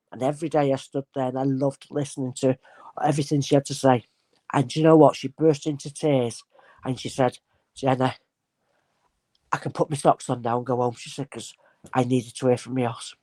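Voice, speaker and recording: A woman's voice: extremely low pitch, no room sound. Chatty woman medium, dry close mic. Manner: animated, acts out voices in anecdotes. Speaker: spirit medium guest. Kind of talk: casual storytelling conversation.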